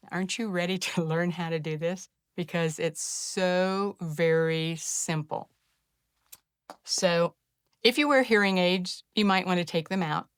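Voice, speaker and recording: A middle-aged woman teaching a simple calming technique, speaking gently and encouragingly and slowing to a soft hush during the breathing steps. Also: lowish voice, clean tone, no echo, clean studio sound. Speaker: wellness practitioner teaching a self-care technique. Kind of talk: guided instruction to camera.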